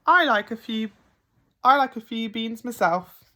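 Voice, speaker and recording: A woman voicing a cheerful cockney male burglar in a read-aloud storybook, with a bright, bouncy delivery and slang. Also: on the high side, animated, measured pace. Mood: chirpy.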